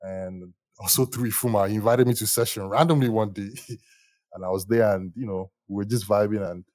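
Animated young man telling stories. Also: lowish voice, moderate pace, no room sound. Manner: animated, slangy, laughs often. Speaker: musician guest. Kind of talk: casual interview storytelling.

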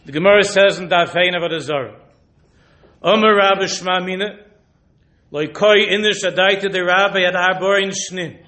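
A rabbi gives a Torah lecture in a voice that sits a little high for a man. He weaves Hebrew and Yiddish terms through his English and presses his listeners with searching rhetorical questions. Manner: drops to a hushed, intimate voice when retelling a story. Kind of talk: sermon.

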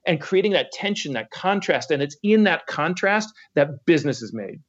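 A man being interviewed as a guest author and sales researcher, talking in an animated way and acting out customer voices. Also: on the high side, normal speed, highs cut off. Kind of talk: podcast interview.

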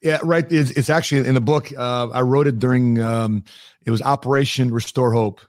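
A man in his forties, a guest in an interview, telling stories in a lively way and acting out the dialogue. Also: medium pitch, normal speed, dry recording, clean studio sound. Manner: animated storyteller who acts out quoted dialogue. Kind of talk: conversational interview storytelling.

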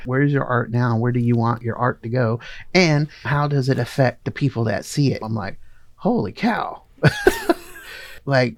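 A man's voice: mid-range voice, creaky, slight background noise. A middle-aged man telling his own story in a casual, earnest way, laughing now and then. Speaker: guest artist.

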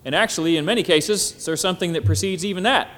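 A man preaching a sermon at a symposium, often pausing on "Amen" and building to emphatic, climbing phrases. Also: sits high, fairly bright tone. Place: hall at a symposium. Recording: echoey hall.

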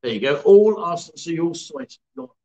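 A man's voice: fairly high pitch, expressive, fairly quick, dark tone, poor audio. A man hosting a casual livestream, reading out viewer comments and teasing his guests. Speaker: livestream host.

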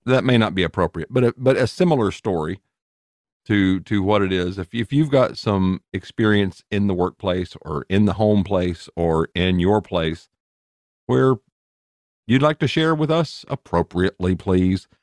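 A man's voice: on the low side, darkish tone, dry recording, clean studio sound. A man co-hosting a podcast in casual, jokey chat, laughing often. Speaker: podcast co-host.

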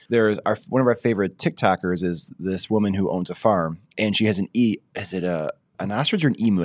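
A man's voice: lowish voice, a little mellow, dry recording, studio quality. A man co-hosting a podcast, chatting casually in a playful, joking way. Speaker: podcast co-host.

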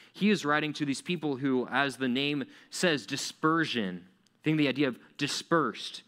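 Pastor, male, relaxed conversational preaching with a bright, pointed tone. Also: medium pitch. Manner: casual, conversational preaching with rhetorical questions. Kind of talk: sermon.

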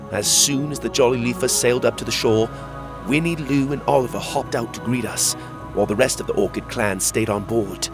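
A man narrating a children's fantasy story in the first person, with expressive storytelling. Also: fairly low pitch, normal speed, over music.

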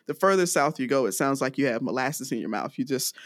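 A woman from the US South co-hosts a podcast movie review with a lively voice that swings up and down. She laughs a lot and drops Southern slang into a casual chat. The recording is dry and close. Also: a bass voice, fast, no echo. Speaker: podcast co-host.

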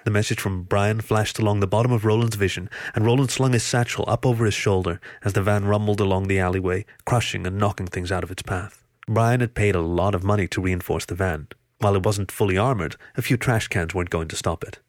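A man narrates a thriller story in a low voice, steady and even. The sound is dry and close, with no room around it. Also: a little fast, no room sound. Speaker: audiobook reader.

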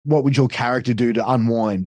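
Aussie bloke rambling through wrestling stories, swears a lot, dry close sound. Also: male voice, mid-range voice, darkish tone, dry recording. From Australia. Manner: swears freely, fast storytelling with many fillers. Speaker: podcast guest, wrestling commentator. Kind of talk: casual chat.

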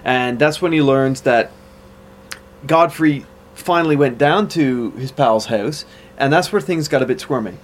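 A man's voice: mid-range voice, a little slow, a little hiss or hum. A man co-hosting a podcast, chatting casually and wryly about a story. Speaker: podcast co-host. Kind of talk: casual chat.

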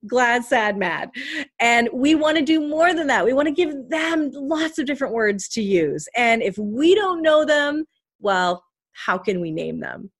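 Earnest woman parent coach, higher voice. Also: sing-song, measured pace. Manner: earnest coaching tone, frequent rhetorical "right?". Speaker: parent coach and podcast host. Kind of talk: podcast monologue. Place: home office.

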